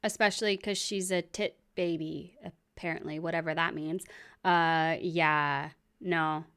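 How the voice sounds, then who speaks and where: A woman's voice: low-pitched, steady tone, unhurried, a bit bright, smooth. A woman giving critical commentary on a vlog, explaining things in a matter-of-fact way with sardonic asides.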